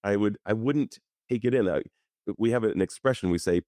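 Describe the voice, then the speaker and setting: A man with a fairly low voice talks as a psychologist guest on a podcast. He tells stories in an animated, expressive way. The close mic gives a dry sound with almost no room. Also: brisk, dry recording. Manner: lively, expressive storyteller. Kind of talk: conversational podcast interview.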